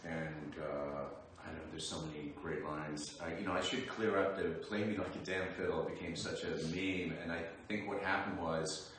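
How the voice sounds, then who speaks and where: A man's voice: low voice, steady tone, moderate pace, few pauses, fairly bright tone. A man reading out fan questions in a friendly, casual livestream chat, chuckling, with hesitant fillers. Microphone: phone some distance away. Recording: echoey room, voice from far off, faint background noise.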